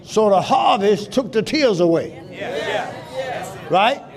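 A man pastor preaching a sermon in call-and-response style, breaking into shouts, in a church. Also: high voice, lively intonation, slow pace, some chatter behind. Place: church sanctuary. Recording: live church with congregation responding.

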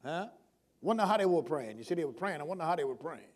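A man's voice: fairly high pitch, animated, fast. A male preacher delivering a sermon, prodding the congregation with call-and-response questions.

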